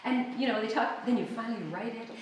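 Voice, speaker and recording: A middle-aged woman author telling animated stories to an audience, laughing often and acting out quoted lines. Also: on the high side, fast, a little hiss or hum. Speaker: author giving a library talk. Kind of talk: storytelling talk to an audience. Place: library event room. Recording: roomy, distant mic with faint ambience.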